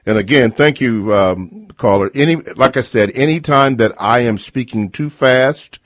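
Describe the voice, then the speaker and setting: A man hosting a call-in radio show, reading out listener emails slowly with many fillers. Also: mid-range voice, no room sound. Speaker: radio host.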